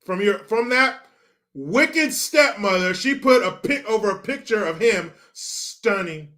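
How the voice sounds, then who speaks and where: A man's voice: high-pitched, expressive, unhurried, sharp tone. A man hosting crude comedic commentary, ranting in a sarcastic, profane way. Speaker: commentary host.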